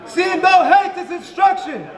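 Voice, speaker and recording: A man calls out scripture verses in a loud, declaiming voice that sits very high. His reading rings out with a long reverb, and a faint crowd is heard around him. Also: unhurried. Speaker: scripture reader. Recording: echoey and roomy, crowd behind.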